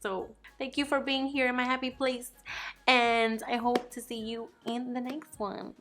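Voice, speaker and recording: A young woman talks to her viewers in a loose, bubbly, rambling way, poking fun at herself. Her voice sits a little high. Soft music plays faintly behind her. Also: little pitch movement, unhurried. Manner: bubbly, rambling, self-deprecating with laughs. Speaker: beauty YouTuber. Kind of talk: casual chatty vlog.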